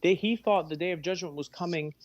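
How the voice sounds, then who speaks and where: A man's voice: sits high, brisk. Man in a heated debate, keeps interrupting; muffled lo-fi call sound. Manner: defensive, interrupting, tells the other to be respectful. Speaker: caller, debate opponent. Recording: dull lo-fi call audio.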